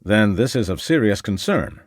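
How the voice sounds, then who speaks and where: A man voicing a confident American doctor who speaks in a slow, formal drawl and stays calm under questioning. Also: fairly low pitch, no room sound, studio quality. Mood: assured.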